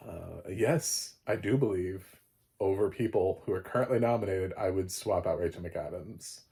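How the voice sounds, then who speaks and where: A man giving a casual, digressive film review, opinionated and quick to laugh at his own slips. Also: deep voice, vocal fry, warm tone. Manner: opinionated, playfully exaggerated.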